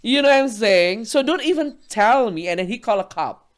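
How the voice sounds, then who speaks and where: A woman's voice: on the high side, lively intonation, fairly quick. A woman guest on a podcast, telling a story in an emphatic, ranting way and laughing often; English is not her first language. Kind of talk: animated storytelling.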